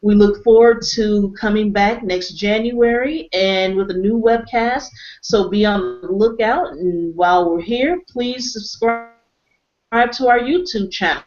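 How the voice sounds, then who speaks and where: A woman hosting a webcast panel discussion, wrapping up in a measured, conversational way. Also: mid-range voice, a little mellow, soft background music. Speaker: webcast host. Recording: dull lo-fi webcast audio.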